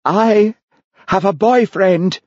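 A self-important young woman, put on by a male narrator, pitched high and drawling each word slowly for effect. She is theatrical and dramatic. The audiobook sound is dull and lo-fi. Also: a little mellow, dry recording. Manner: theatrical, drawn-out.

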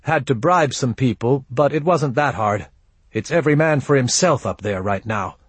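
A man's voice: medium pitch, expressive, normal speed, slightly rough, no echo, pitched above the performer's own voice. A man reading an audiobook voices Shed, a nervous male mercenary explaining himself. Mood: defensive.

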